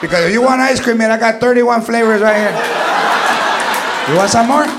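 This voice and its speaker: A man's voice: very high voice, brisk, very noisy. A man doing a fierce grandma scolding a kid. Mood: menacing. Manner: scolding, mixes Spanish into English. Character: strict old Mexican grandmother scolding a child. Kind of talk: stand-up act-out. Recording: live club with loud audience laughter.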